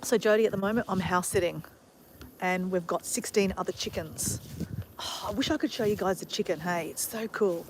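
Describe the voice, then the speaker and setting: A woman's voice: medium pitch, normal speed, slight background noise. Chatty Australian woman live-streaming outdoors. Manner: chatty and upbeat, talking to viewers. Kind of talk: casual live-stream chat. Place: outdoors in a backyard with chickens.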